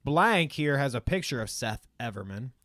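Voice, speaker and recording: A young man co-hosting a casual podcast, telling stories quickly and laughing often. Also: mid-range voice, sing-song, a bit bright, no room sound, studio quality. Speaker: podcast co-host. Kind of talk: casual chat.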